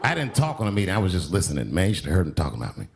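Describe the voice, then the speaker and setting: A male stand-up comedian doing a monologue. He swings between deadpan and sharp outbursts. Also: sits low, rapid-fire, vocal fry. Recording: TV broadcast with live audience laughter. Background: studio audience laughing.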